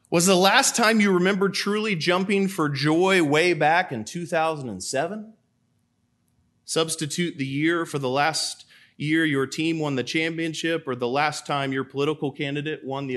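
Male priest, sermon, slightly high voice, rhetorical, repeats questions, church. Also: a bit bright.

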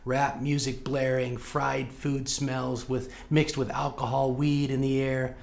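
A man's voice: mid-range voice, flat delivery, slow, creaky, slight background noise. A man from St. Louis preaching a sermon, telling a personal story and speaking earnestly and directly to the congregation. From United States, St. Louis. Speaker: pastor.

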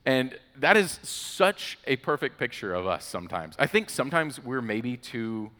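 A man preaching a casual, conversational sermon, relaxed and chatty with storytelling asides. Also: mid-range voice, normal speed. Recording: long hall reverb.

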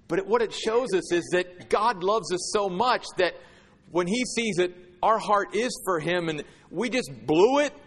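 A man preaching a sermon as pastor, swinging from hushed asides to emphatic, repeated phrases. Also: sits high. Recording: long hall reverb.

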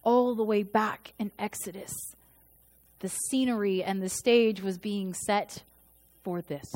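A woman in her thirties, a pastor, preaching a sermon in a storytelling way and acting out the voices she quotes. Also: mid-range voice. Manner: storytelling, acts out quoted voices with shifts in loudness.

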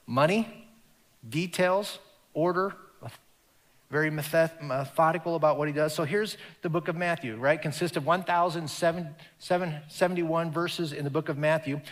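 A man preaching a sermon in an animated way, acting out the people he quotes. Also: a little high, normal speed. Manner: animated, acts out quoted voices, laughs. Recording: long hall reverb.

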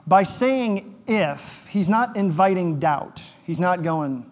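A man's voice: high-pitched, expressive, slow pace. A man preaching a sermon as pastor, conversational and emphatic, with wry quips. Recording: long hall reverb.

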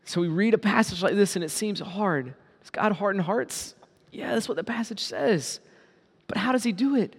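High-voiced pastor preaching in a reverberant hall. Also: male voice, lively intonation, normal speed, breathy edge. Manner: pleading, rising to loud appeals then dropping low. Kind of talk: sermon.

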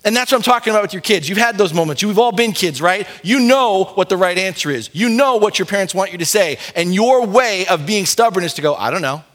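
A male pastor delivering an impassioned sermon, speaking straight to his congregation and swinging between quiet gravity and rising urgency. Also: high-pitched, lively intonation, fairly quick, few pauses. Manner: impassioned preaching, rising and falling intensity; direct address to congregation as "beloved".

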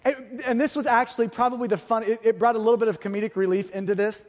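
High-voiced man preaching in a hall. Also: fairly quick, few pauses. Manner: storytelling, animated, rhetorical questions. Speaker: pastor. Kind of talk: sermon.

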